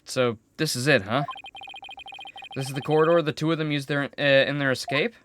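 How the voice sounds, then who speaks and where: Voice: mid-range voice, steady tone, a little fast, noisy background, natural voice. A streamer voicing a wary male defense lawyer while reading game dialogue aloud, in a plain, hesitant manner.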